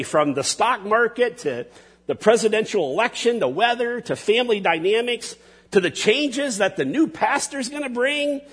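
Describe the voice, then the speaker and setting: Halting pastor preaching in a reverberant hall. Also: male voice, high voice, fairly bright tone, slightly rough. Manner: halting, restarts often, folksy asides to the congregation. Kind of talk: sermon.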